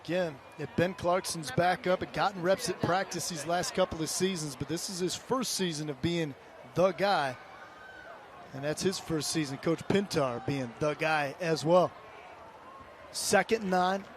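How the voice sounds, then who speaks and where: A man calling a high school football game play by play, rising to excited calls on big plays. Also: moderate pace, slight background noise. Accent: Michigan. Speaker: play-by-play announcer. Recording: broadcast booth over loud stadium crowd.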